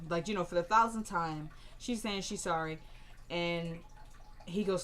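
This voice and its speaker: A woman's voice: lowish voice, measured pace, fairly bright tone. Casual woman recapping a TV drama episode. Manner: retells scenes by quoting characters, peppered with "like" and "you know".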